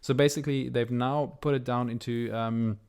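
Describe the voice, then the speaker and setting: A man's voice: medium pitch, fairly even intonation, normal speed, darkish tone, clear, resonant tone. A young man co-hosting a comedy podcast, rambling through explanations with lots of fillers. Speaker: podcast co-host. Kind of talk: casual comedic chat.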